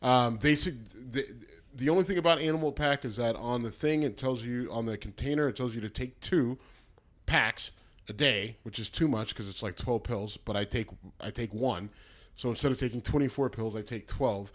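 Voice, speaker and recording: A man's voice: mid-range voice, moderate pace. A man co-hosting a casual podcast, talking bluntly and throwing in crude jokes. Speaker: podcast co-host. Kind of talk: casual chat.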